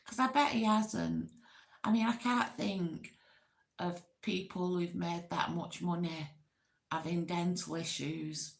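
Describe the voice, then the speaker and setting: A woman chats casually with her viewers in a slow, unhurried way. Her voice is gravelly and sits a little low. She rambles and giggles at herself. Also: animated. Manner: chatty, giggly, rambling, self-deprecating. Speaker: livestream host.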